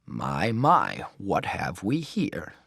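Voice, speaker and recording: A man puts on a kindly old grandfather, gruff and gently mocking, with a deep voice that swings up and down a lot. He chuckles at the boy's schemes. The audiobook sound is dry and close. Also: huge pitch swings, very slow, no echo, full character voice. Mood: teasing. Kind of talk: audiobook reading.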